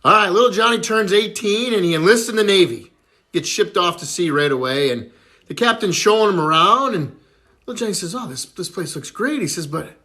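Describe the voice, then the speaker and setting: A man with a fairly high, lively voice rattles off a string of crude jokes. He jumps between characters, dropping and raising his voice for each one, and laughs at his own punchlines. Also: slightly rough. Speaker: joke teller. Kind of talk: telling dirty jokes.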